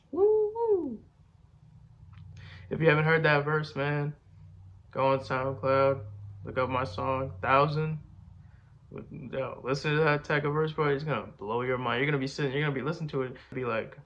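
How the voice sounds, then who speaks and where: Talking at normal speed in a steady, fairly bright medium-pitched voice, a young rapper chats casually while answering fan questions. He rambles and brags, dropping slang like "bro" and "man," all on lo-fi sound.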